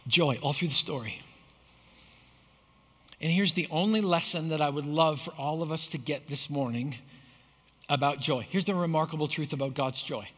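A man's voice: on the high side, normal speed, pauses often, fairly bright tone, breathy edge, big-room sound. A male pastor preaching a sermon, telling stories and building to emphatic repeated points. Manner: storytelling with rising emphatic peaks.

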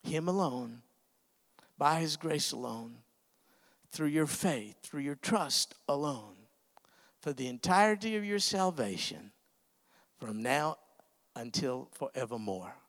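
A man preaching a sermon, telling an emotional story with frequent pauses and hesitations. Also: mid-range voice, lively intonation, fairly bright tone, big-room sound.

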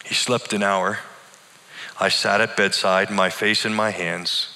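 A middle-aged male pastor shares a personal story in an earnest, deliberate sermon style. His voice is fairly low yet bright and forceful, with little pitch movement, and a long large-hall reverb lingers after each phrase.

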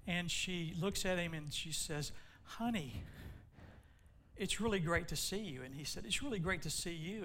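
A man's voice: fairly high pitch, fairly bright tone, slight background noise. A man preaching a sermon, telling a long joke in a folksy way and then reading scripture aloud. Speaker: pastor.

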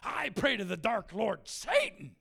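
A defiant, scornful young woman, played by a male preacher with a curt, mocking manner. The voice stays high and gravelly, and it is told as part of a sermon story. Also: wildly swooping pitch, measured pace, a bit bright, exaggerated voice.

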